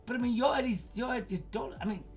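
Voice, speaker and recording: A woman's voice: a little high, fast, faint music behind. A woman in her forties hosting an advice stream, blunt and swearing freely as she rants at a listener. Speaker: advice show host.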